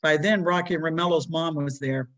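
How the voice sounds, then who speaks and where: A woman's voice: low-pitched, fairly even intonation, a little fast, a bit bright. Woman reading her children's book. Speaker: children's author.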